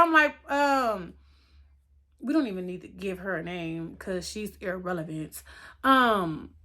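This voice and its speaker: Profane, ranting young woman with a bright voice. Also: on the high side, a little hiss or hum. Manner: profane, animated rant with many fillers. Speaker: vlogger. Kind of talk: casual storytime rant.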